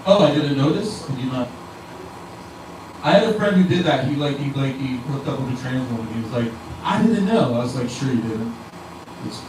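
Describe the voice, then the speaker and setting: A man's voice: medium pitch, noisy background. A male stand-up comedian rambling through a profane set, doubling back and restarting his sentences, in a comedy club. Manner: rambling and self-interrupting, profane. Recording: echoey club room from a distant mic. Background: crowd ambience.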